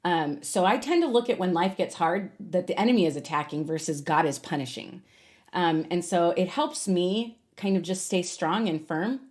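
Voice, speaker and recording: A woman's voice: lowish voice, normal speed, a little mellow. A woman hosting her own podcast, talking candidly and earnestly about her faith in an unscripted monologue with frequent fillers and restarts. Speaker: podcast host.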